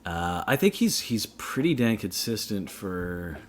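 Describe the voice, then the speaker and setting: A man talking slowly and hesitantly as a guest on a casual podcast chat. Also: lowish voice, very animated, slight background noise. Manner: halting, hesitant, many restarts. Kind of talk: casual fantasy hockey chat.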